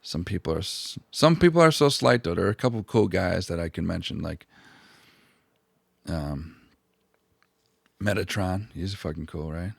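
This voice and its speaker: Man, low gravelly voice, crude and profane, rambling history commentary, dry close sound. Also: expressive, normal speed, long pauses, dry recording. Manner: meandering, with restarts and asides. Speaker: history channel host.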